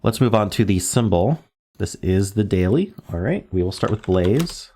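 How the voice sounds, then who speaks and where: A man with a low, deep voice talks his way through word puzzles, spelling out letters and musing over guesses. He keeps it casual and thinking-aloud, often correcting himself mid-sentence. Keyboard typing clicks sound behind him. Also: animated, normal speed, dark tone. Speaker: word game streamer.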